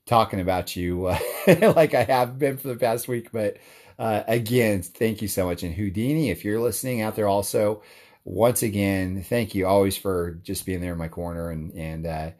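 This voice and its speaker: Deep-voiced man rambling about collecting. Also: normal speed, darkish tone. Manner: rambling, with many fillers and restarts; enthusiastic. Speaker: card collector talking to his audience. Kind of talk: casual monologue.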